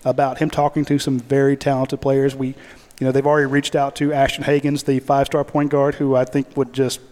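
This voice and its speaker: A man hosting a sports talk show, chatty and animated. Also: mid-range voice, brisk, long reverb tail.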